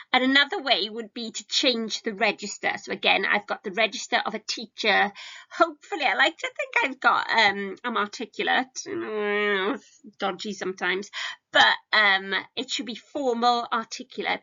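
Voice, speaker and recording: A woman's voice: a little high, gravelly, bright, forceful tone, muffled recording. A woman, an English teacher giving a recorded lesson in a chatty, self-deprecating way with many ums. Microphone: home recording for a video lesson.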